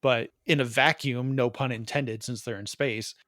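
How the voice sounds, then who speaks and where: Podcast co-host, male, mid-pitch, chatty rambling reviewer, dead-dry booth sound. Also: steady tone, fairly bright tone, no echo. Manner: rambling, quick asides, laughs at his own jokes. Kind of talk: casual movie review chat.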